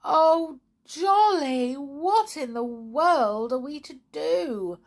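Woman putting on an anxious little toy girl, high and breathless, swooping, storybook reading. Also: sing-song, unhurried, full character voice. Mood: alarmed.

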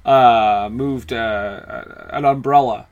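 A man's voice: medium pitch, fairly even intonation, takes it slowly, a little mellow, dull audio. A man co-hosting a podcast, chatting and joking about a movie, often restarting his sentences. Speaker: podcast co-host. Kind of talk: casual film discussion.

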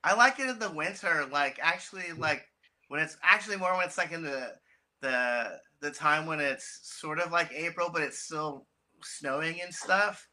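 A man guesting on a comedy podcast, trading crude deadpan jokes and laughing often. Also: fairly high pitch, moderate pace, poor audio. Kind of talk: casual comedy podcast chat.

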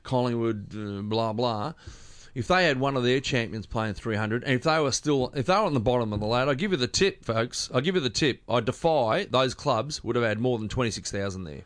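A man's voice: medium pitch, lively intonation, brisk. A middle-aged Australian man co-hosting a sports podcast, blunt and emphatic, often repeating himself in casual chat. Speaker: podcast co-host.

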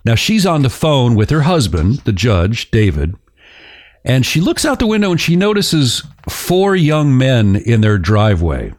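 Brief: male podcast host, lively up-and-down delivery, joking, loose and chatty. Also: medium pitch, measured pace. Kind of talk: casual storytelling podcast.

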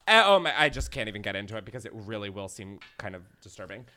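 A woman co-hosting a casual chat, loud and animated, swearing often and bursting into laughter. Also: a bass voice, quick pace, clean tone. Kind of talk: casual chat, tasting celebrity liquor.

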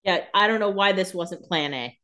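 A woman's voice: medium pitch, normal speed, a bit bright. A woman co-hosting a casual podcast, making wry, sarcastic comments on a TV episode. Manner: wry, sarcastic asides with frequent laughs. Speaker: podcast co-host. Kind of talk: casual chat.

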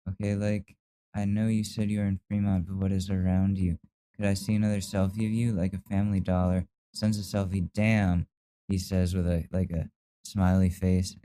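Low mellow man reading chats. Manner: incredulous, swears, reacts with disgust. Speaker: podcast host. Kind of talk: reading chat logs aloud with comic commentary.

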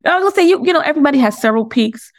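A woman's voice: high-pitched, expressive, very fast, dry recording. A woman, chatting candidly as a podcast guest in an easygoing, self-deprecating way. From the Bronx, New York. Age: late 30s. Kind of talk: casual interview chat.

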